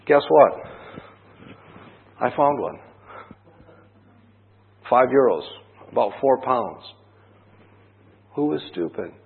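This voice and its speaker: A husky-voiced man preaches in a relaxed, storytelling manner, throwing rhetorical questions at his listeners. His voice comes through a thin, tinny line. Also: mid-range voice, slow, long pauses. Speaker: pastor. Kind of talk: sermon. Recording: tinny phone-like band.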